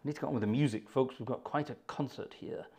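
A man greets viewers by name while hosting a livestreamed organ concert, keeping things chatty and jokey with self-deprecating asides. His mid-range voice is gravelly, dark, and a bit breathy, and he talks fast.

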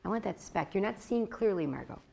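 A woman quoting God as he gently and firmly corrects her, in a calm, steady voice. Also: medium pitch, brisk, gravelly, background noise. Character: God speaking gently to the speaker.

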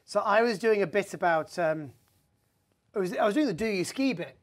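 A male stand-up comedian, a guest, telling anecdotes in casual chat in a lively way. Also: sits high, normal speed. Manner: lively storyteller, acts out voices.

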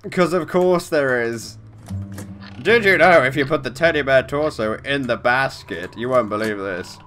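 A man's voice: mid-range voice, measured pace, a bit bright, faint music behind. A man giving let's play commentary on a horror game, reading the text aloud and swearing at jump scares. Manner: swears often, jumpy reactions, reads game text aloud. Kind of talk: gameplay commentary. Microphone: desk mic with facecam.

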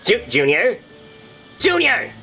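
A man's voice: high voice, huge pitch swings, takes it slowly, over music, heavily acted. A man voicing an exasperated, sensible boy who stammers and gets sarcastic. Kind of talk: comedy skit acting.

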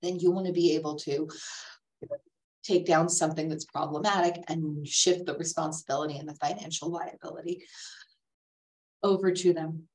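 A woman's voice: low-pitched, moderate pace, long pauses, distant mic, rough recording. A woman giving a webinar talk on art law, her voice worn and fading after illness, explaining with frequent ums. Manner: explanatory, steady lecturing with many ums. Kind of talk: webinar presentation.

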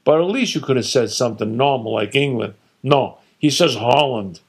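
Reading a story aloud with character voices, a man plays a blustering, combative older father who rants loudly, emphatically and scornfully. His voice is medium-pitched, animated and husky, at normal speed.

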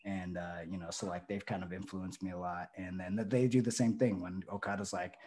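A man's voice: sits low, steady tone, fast talker, hardly any pauses, a little mellow. A male pro wrestler talking casually as an interview guest, rambling with lots of fillers and restarts.

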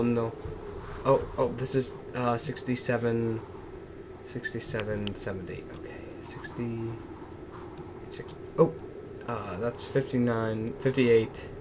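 A man's voice: mid-range voice, background noise. A man giving nervous, jittery commentary as he plays a game, muttering and then exclaiming. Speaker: let's play gamer. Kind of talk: gaming commentary.

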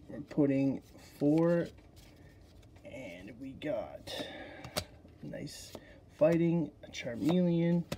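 A man hosting a casual card-opening video, chatty and excitable as he talks straight to his viewers. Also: on the high side, lo-fi sound, slight background noise. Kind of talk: casual unboxing commentary.

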